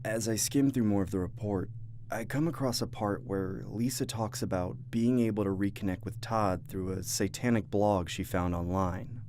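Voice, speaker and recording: A man's voice: on the low side, normal speed, darkish tone, a little hiss or hum. A young man narrating a true horror story in the first person, earnest and tense. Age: young adult.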